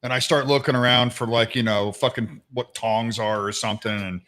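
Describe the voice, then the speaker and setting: Bright-voiced man describing his character. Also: medium pitch, normal speed. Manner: animated, rambling description. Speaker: player. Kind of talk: tabletop game role-play.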